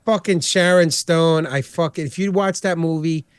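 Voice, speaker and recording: High-voiced, profane rambling man. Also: moderate pace, clean tone, no echo, clean studio sound. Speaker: podcast host. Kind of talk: casual chat.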